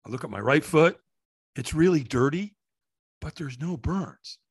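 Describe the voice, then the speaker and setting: A middle-aged man, a guest in an interview, telling a story with energy and acting out the voices and shouts of the people in it. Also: on the high side, unhurried, husky. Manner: lively, acts out quoted voices and shouts. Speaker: interview guest, firewalk instructor.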